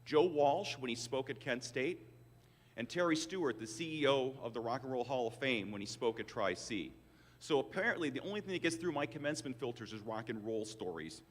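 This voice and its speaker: Brisk and lively in intonation, this man in his sixties gives a commencement address in a medium-pitched voice. He pokes fun at himself through wry anecdotes, and hall reverb from the PA fills the large auditorium.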